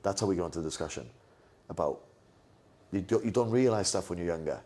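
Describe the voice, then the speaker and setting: A man's voice: deep voice, quick pace. A young man co-hosting a podcast, swearing freely and retelling family stories in a casual chat. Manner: swearing, storytelling, animated retelling. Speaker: podcast co-host.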